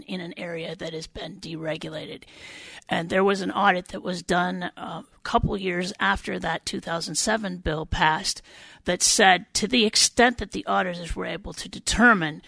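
A woman state senator explains policy on a radio interview, earnest and deliberate. Her voice is gravelly and somewhat husky. The sound is close and dry. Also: fairly low pitch, a bit bright, dry recording. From Wisconsin.

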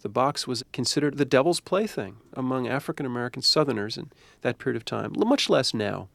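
A man's voice: medium pitch, lively intonation, brisk, vocal fry, a bit bright, no room sound. A man, a university professor, answering interview questions in a thoughtful, discursive way.

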